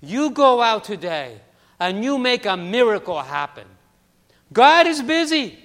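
A man's voice: very animated, unhurried, in a large hall, full character voice. A man voicing a doting, insistent elderly woman neighbor who speaks with a strong accent and keeps calling a child "darling". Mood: coaxing, emphatic. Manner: emphatic, high and loud.

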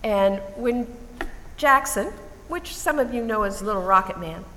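An older woman giving an earnest Mother's Day message, telling family stories in a measured way. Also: medium pitch, lively intonation, a bit bright. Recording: reverberant hall with faint noise.

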